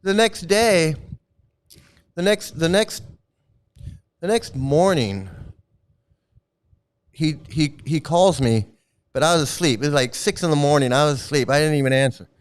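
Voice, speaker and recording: A man tells a long personal story in a loose, rambling way, chuckling often between thoughts. His voice sits a little high and sounds smooth and resonant. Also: animated, unhurried, pauses often. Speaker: former member recounting his experiences.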